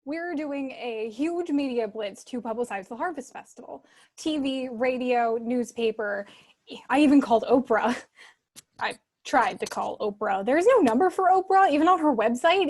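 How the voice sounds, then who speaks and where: A woman reading the part of an eager, peppy town official in a script reading. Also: fairly high pitch. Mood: upbeat. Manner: bubbly, rapid excited delivery. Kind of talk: script reading over video call.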